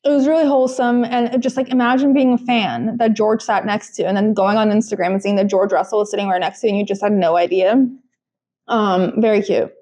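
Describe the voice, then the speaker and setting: A woman's voice: medium pitch, steady tone, a little fast, mellow. A young woman co-hosting a podcast, talking casually with lots of fillers and restarts. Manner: chatty, frequent fillers and restarts. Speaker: podcast co-host. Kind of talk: casual chat.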